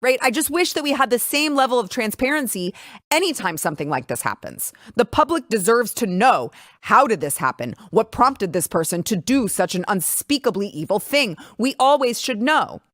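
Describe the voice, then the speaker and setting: A woman's voice: fairly high pitch, sing-song, moderate pace, a bit bright, dry recording, clean studio sound. A woman hosting a political talk show, talking casually with emphatic, sarcastic remarks. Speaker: host.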